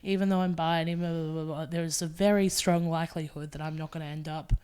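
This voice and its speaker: Candid woman, lower-pitched. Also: fairly even intonation, fast, dark tone, clear, resonant tone. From Australia. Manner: candid, emotional storytelling, frequent swearing and laughing. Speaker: podcast guest, drag performer. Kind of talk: casual interview chat.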